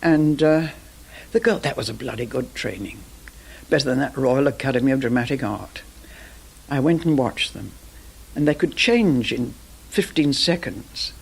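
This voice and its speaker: A man's voice: mid-range voice, lively intonation, moderate pace, vocal fry, slightly rough, rough recording. An older Englishman recalling theatre days in an interview, blunt and emphatic. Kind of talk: reminiscing interview. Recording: old VHS broadcast tape.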